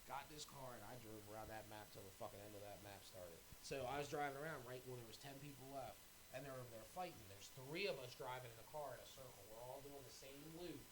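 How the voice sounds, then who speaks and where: A man hosting a podcast in casual chat, telling stories in an animated, profane way and acting out what people said. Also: mid-range voice, quick pace, noisy background. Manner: animated, profane storytelling with acted-out quotes. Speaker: podcast host.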